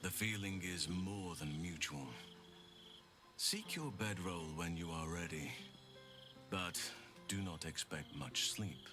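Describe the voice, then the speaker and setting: Game druid, very deep, measured, formal, gentle, clear game music behind. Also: male voice, heavily acted. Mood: teasing. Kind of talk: video game voice acting.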